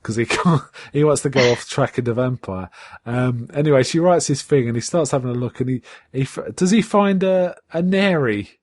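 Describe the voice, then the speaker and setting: A man talks through a TV episode in a loose, chatty way, stumbling and restarting often. His pitch sits in the middle for a man. The recording is close and dry. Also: fairly quick, no room sound. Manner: animated retelling, acts out quotes in a raised voice; chatty, with many fillers and restarts. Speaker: podcast co-host. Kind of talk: casual episode recap chat.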